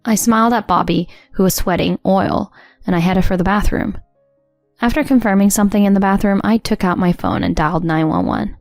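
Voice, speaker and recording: A woman narrating a first-person story in an even, composed way. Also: lowish voice, fairly quick, no room sound, clean studio sound. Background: soft music.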